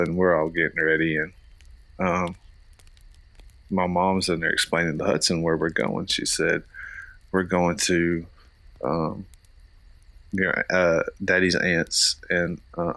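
Deep-voiced man telling a family story. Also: a bit bright, no echo. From Florida, US. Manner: rambling anecdotes with many fillers and restarts. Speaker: podcast co-host. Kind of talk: casual storytelling chat.

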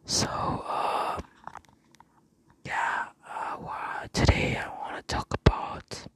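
Slow close-mic whispering young man. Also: fairly bright tone. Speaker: podcast host. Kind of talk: whispered ASMR monologue. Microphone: earphone mic held very close.

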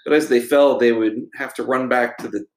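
A man co-hosting a podcast, casually chatting through a TV episode in a relaxed, rambling way with frequent ums. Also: medium pitch, normal speed. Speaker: podcast co-host. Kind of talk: casual chat reviewing a TV episode. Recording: echoey room.

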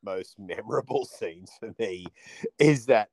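Animated man, dry close sound. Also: fairly low pitch, unhurried, no room sound. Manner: animated retelling, laughs between lines. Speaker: podcast co-host. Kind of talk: casual movie chat.

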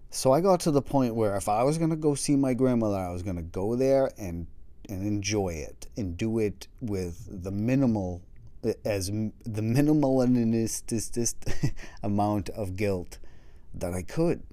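A man's voice: fairly low pitch, unhurried, dark tone, no echo. A man talking casually and rambling, joking at his own expense and swearing now and then as he acts out little quotes. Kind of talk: casual chat.

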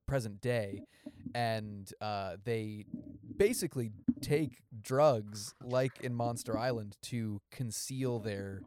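Casting: male podcast co-host, animated, dead-dry close recording. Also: mid-range voice, smooth, dry recording. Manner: animated, mimics bad line readings. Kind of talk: casual film review chat.

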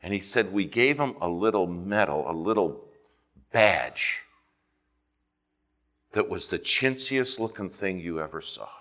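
A man preaching a fervent sermon, swinging between loud emphasis and hushed asides as he tells a story. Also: deep voice, lively intonation, a little slow, long pauses. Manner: storytelling with quoted dialogue.

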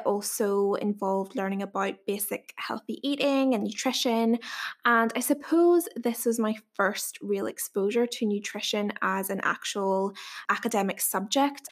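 Young Northern Irish woman podcaster. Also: mid-range voice. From Northern Ireland. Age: 20s. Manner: chatty and careful to enunciate. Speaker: podcast host and dietitian. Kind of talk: casual solo podcast introduction.

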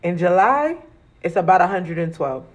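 A woman from Arizona in casual chat, telling an animated, slangy story and laughing often. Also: fairly low pitch, normal speed, lo-fi sound.

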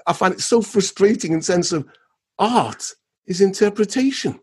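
Brief: male co-host, raspy upper-mid voice, emphatic delivery. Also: high-pitched, normal speed. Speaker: artist and podcast co-host. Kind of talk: podcast discussion.

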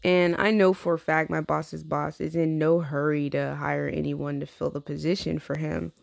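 Blunt, profane woman with gravelly low voice. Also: flat delivery, moderate pace, dry recording, studio quality. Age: adult with a teenage niece. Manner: blunt, profane, rambling with laughs. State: tired. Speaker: vlogger. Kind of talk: casual venting chat.

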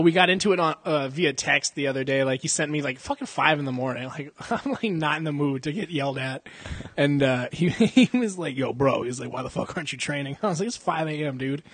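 A young man with a somewhat high, husky voice rambles through crude stories on a podcast, swearing constantly and breaking into laughter. The sound is close and dry. He is talking casually at an indoor jiu-jitsu gym. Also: a bit bright, no room sound. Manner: profane, rambling storyteller who laughs often. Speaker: podcast co-host. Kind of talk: casual chat. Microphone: podcast mic.

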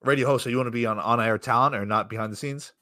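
A man's voice: mid-range voice, very fast, bright, forceful tone, dry recording, studio quality. A man hosting a casual podcast interview, rambling and jokey with plenty of swearing. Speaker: podcast host.

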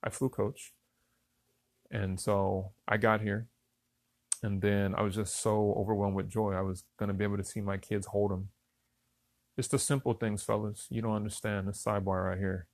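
A middle-aged man casually telling a personal story in a relaxed, conversational way, talking straight to his listeners. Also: lowish voice, normal speed, dry recording. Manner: relaxed, conversational, addresses listeners as y'all and fellas.

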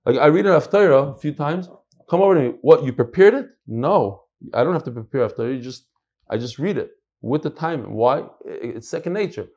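An American man teaching a Talmud class, emphatic and animated, mixing in Hebrew and Yiddish terms. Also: mid-range voice, fairly quick. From United States. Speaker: Torah teacher.

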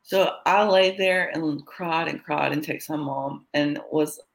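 A woman's voice: low voice, a little slow, creaky. A woman telling her own story as an interview guest, acting out what was said and who said it. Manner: tells events in present tense, acting out quoted lines. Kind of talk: personal storytelling.

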